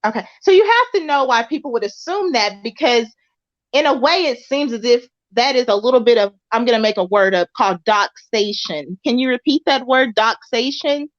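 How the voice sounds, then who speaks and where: A woman plays a prim, patient interviewer with a Memphis Southern accent, her voice high and lively. She keeps her questions polite and apologetic. The recording is dull and lo-fi. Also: normal speed, no echo, lightly acted.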